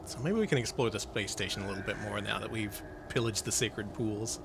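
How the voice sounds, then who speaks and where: A man's voice: lowish voice, a little fast, vocal fry, background noise. A man co-hosting a casual gameplay chat, joking, laughing often and swearing freely. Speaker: co-host playing a game.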